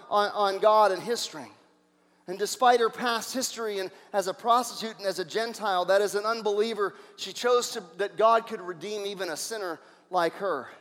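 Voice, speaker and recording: A male pastor preaching a sermon, energetic, throwing out rhetorical questions and swinging between loud and soft. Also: sits high, long reverb tail.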